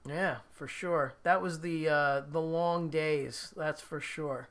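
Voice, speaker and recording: Male stream host, casual chatter, unhurried delivery, bright timbre, frequent laughs. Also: fairly high pitch, steady tone. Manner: chatty, laughs often, reads viewer comments. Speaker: livestream host. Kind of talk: casual chat.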